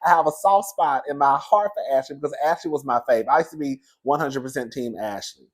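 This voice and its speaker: A man giving casual, sassy commentary on a reality TV episode, chatty and quick to laugh. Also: mid-range voice. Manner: sassy, chatty, laughs often, calls viewers "girl" and "baby". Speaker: reality TV reviewer.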